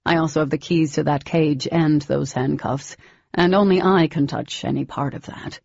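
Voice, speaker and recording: A woman's voice: deep voice, steady tone, normal speed, vocal fry, darkish tone, dry recording, dull audio. A woman voicing an older male villain, cold, smug and calculating, in a clipped, condescending manner.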